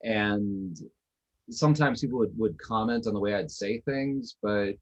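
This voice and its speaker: A man's voice: on the low side, unhurried, lo-fi sound. A man from Wisconsin chatting easily on a podcast, his sentences trailing off. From Northeastern Wisconsin. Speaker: podcast co-host. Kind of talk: casual chat.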